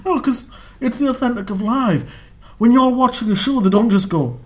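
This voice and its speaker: Guy with a pretty high voice cohosting a podcast, jokey, laughs a lot, just chatting. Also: normal speed. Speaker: podcast co-host. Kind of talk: casual chat.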